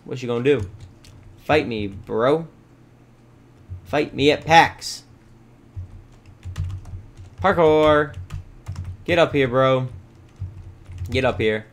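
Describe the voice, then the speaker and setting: A man hosting a let's play, chatting casually and excitedly coaxing and yelling at the animals in the game. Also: medium pitch. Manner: excitable, yells and coaxes at game animals, rambling asides. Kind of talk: casual gameplay commentary.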